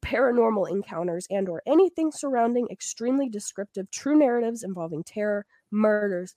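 Hoarse animated woman podcast host. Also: mid-range voice, brisk, no echo. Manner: animated, swearing, laughing a lot. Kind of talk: casual podcast chat.

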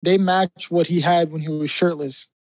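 Casting note: high-pitched, eager podcast co-host, man, rambling "like" talk, dry close mic. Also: moderate pace, dry recording. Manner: excitable, peppers speech with "like". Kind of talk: casual chat.

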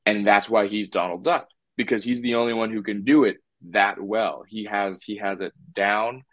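A man's voice: lowish voice, fairly even intonation, moderate pace, fairly bright tone, dry recording. A man talking as a puppeteer guest in a casual interview, rambling with lots of fillers and restarts.

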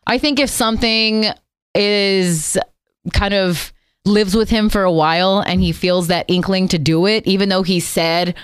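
A woman radio host chatting as a podcast guest, lively and quick to laugh, with many fillers. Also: mid-range voice, smooth, no room sound, studio quality. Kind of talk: casual chat.

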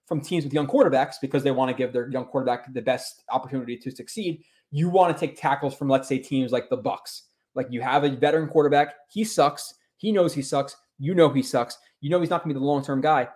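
A man's voice: a little high, quick pace, few pauses, a little mellow. A young man hosting a casual sports podcast, chatting loosely and swearing often, with many restarts as he reacts to chat comments. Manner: loose, profane, rambling with restarts. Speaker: podcast host.

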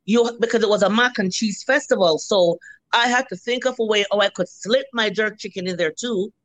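A woman's voice: mid-range voice, fairly quick, dry recording, poor audio. Blunt, salty Jamaican woman telling stories. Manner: lively storyteller, blunt and salty, acts out what people said. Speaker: restaurant owner and caterer. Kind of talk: casual interview chat.

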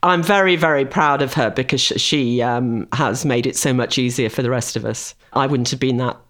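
A middle-aged woman from England, a classicist guest telling stories with animated, laughing delivery. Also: extremely low pitch, normal speed. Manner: animated storytelling with laughs and mimicry. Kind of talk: lively interview conversation.

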